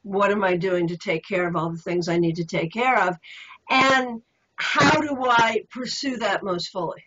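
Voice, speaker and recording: A woman's voice: mid-range voice, normal speed, fairly bright tone, slightly rough. A woman hosting a tarot talk show, chatting casually and affirming her guest with enthusiasm. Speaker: host. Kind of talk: casual chat about tarot. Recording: dull lo-fi audio.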